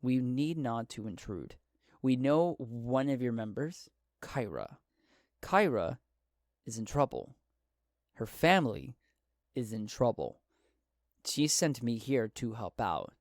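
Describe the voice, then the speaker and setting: Talti, a man playing a calm wanted official. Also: mid-range voice, no room sound, studio quality. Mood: calm pleading. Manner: calm, measured, quiet. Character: composed wanted male official on the run.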